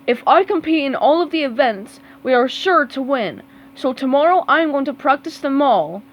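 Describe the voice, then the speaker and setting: A woman's voice: high voice, lively intonation, moderate pace. A woman reading a storybook aloud, voicing a grumpy, demanding male squid coach who barks orders. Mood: bossy. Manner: bossy, barking orders.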